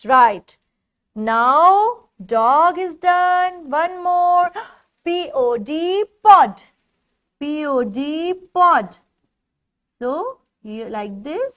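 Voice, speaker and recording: A high, bright-pitched woman with an Indian English accent teaches young children phonics at a slow, patient pace. She spells each word out letter by letter and praises the listener often, in a cheerful classroom manner.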